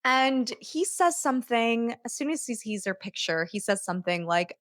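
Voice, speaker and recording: Woman, podcast host, personal storytelling, laughs at herself, mid pitch, very lively intonation, dry close sound. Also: normal speed, few pauses, no echo. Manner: animated, laughs at herself while telling stories.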